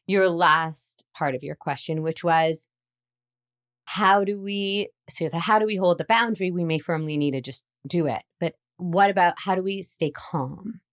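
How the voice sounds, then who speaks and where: A woman, a psychologist guest on a podcast interview, explaining parenting in an animated way. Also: lowish voice, unhurried, no room sound, clean studio sound. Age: adult parent. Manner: animated explainer who acts out playful lines.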